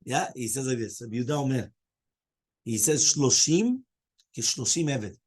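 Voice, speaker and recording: A man teaching a Talmud class, animated and full of "okay?" and "right?", mixing Hebrew and Aramaic terms into English. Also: medium pitch, normal speed.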